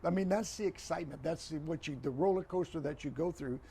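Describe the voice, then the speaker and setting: An older man tells his stories at a quick clip, his slightly high voice roughened with gravel. He is animated, repeats his phrases and acts out what people said. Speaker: guest, retired football referee. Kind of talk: storytelling in a podcast interview.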